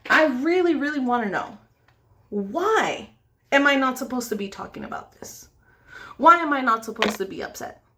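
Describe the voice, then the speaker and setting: A woman's voice: high voice, animated, normal speed, a bit bright. A woman makeup vlogger ranting angrily with lots of swearing and pleading questions while she does her makeup. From United States. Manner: angry, profane, pleading.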